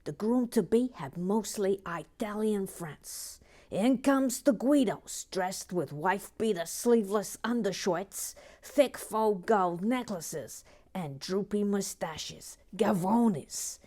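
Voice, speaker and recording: A woman's voice: medium pitch, expressive, slow, darkish tone. A woman putting on a Brooklyn accent to play a chatty woman from Brooklyn telling stories, reading a viewer's comment aloud. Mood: gossipy.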